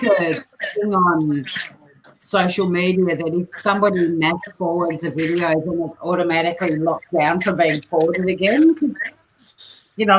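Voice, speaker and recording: A woman with a lowish voice chats casually as she hosts a livestream, laughing often between stories. Her voice comes through a video call, with a faint hiss of noise behind it. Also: low-quality recording. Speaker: livestream host.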